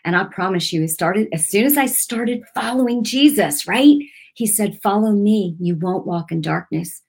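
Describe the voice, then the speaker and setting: A middle-aged woman giving an informal, earnest sermon. She often checks in with her listeners by asking "right?". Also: medium pitch. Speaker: preacher.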